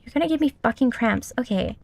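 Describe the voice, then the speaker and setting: A woman's voice: on the high side, lively intonation, quick pace, vocal fry, darkish tone, no echo. A young woman streamer giving casual gameplay commentary, swearing often and scolding the game character.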